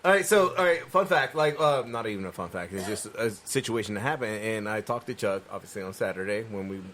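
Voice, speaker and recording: A man's voice: on the low side, animated, fairly quick, a bit bright, slight background noise. Man telling a rambling, swear-filled story. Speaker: podcast co-host. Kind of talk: casual beer-tasting chat.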